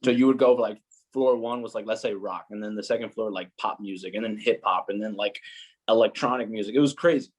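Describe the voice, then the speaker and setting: A young man telling stories as a guest on a podcast. He talks casually and with lively energy, leans on filler words, and slips into the voices of the people he quotes. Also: fairly low pitch, fairly quick. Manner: animated, many filler "like"s, acts out quoted voices. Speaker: guest, footballer. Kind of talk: casual storytelling chat.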